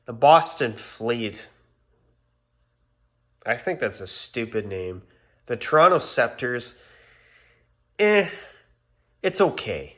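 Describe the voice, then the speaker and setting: Bright-voiced man ranting on a vlog. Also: mid-range voice, big pitch swings, slow pace, pauses often. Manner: exasperated ranting, repeated apologies. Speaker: YouTuber. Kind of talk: casual vlog rant.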